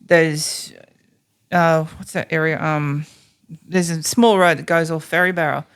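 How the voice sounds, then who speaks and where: A woman's voice: deep voice, fairly even intonation, unhurried, clean tone. A woman chatting as a podcast guest, hesitant and full of fillers. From Australia. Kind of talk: casual chat.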